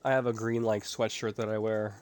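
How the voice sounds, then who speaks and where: A man's voice: fairly low pitch, flat delivery, a little fast, a little mellow. A man co-hosting a podcast in casual chat, laid-back and offhand, making fun of himself. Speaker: podcast co-host.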